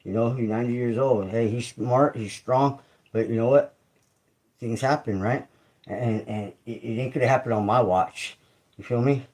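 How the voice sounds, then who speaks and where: Man, mid-pitched voice, hosting a casual livestream monologue; loose, repetitive, talks straight to viewers. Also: normal speed, darkish tone, low-quality recording. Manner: loose and conversational, repeats phrases, asks listeners "you feel me?". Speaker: YouTube creator and livestream host.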